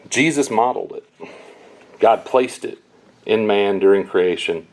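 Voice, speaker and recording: A middle-aged man preaching a sermon, telling stories bluntly with sharp, emphatic peaks. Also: lowish voice. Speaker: pastor.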